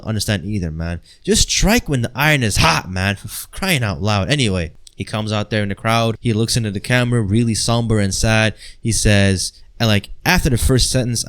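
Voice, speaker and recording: A man ranting in a heated vlog, exasperated and crude, jumping from loud outbursts to mutters. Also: fairly low pitch. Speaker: wrestling commentary vlogger.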